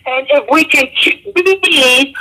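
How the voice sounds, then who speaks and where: A woman calling in to a live stream, insisting on being heard and explaining herself in measured terms. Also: sits high, sharp tone, rough recording. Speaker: caller. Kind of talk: call-in debate.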